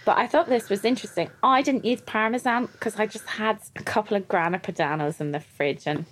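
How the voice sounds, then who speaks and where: A woman co-hosting a podcast in casual chat, throwing in quick, teasing quips. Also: medium pitch, a little hiss or hum. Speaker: podcast co-host.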